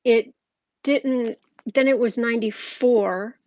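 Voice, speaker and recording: This is a slow, slightly high female voice with a darkish tone, captured dry and muffled on a camera mic. She's a political tarot reader hosting a live stream from home. Her talk is casual and chatty, with frequent fillers and restarts.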